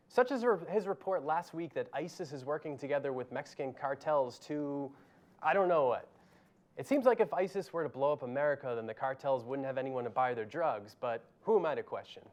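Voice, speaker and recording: A man's voice: medium pitch, expressive, a little fast, a little mellow. A man hosting a comedy show, delivering scripted commentary in a dry, sardonic way.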